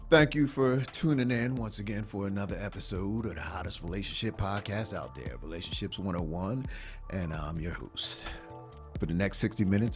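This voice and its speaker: A man hosting a relationship podcast in casual chat, upbeat and full of uh fillers. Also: low voice. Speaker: podcast host.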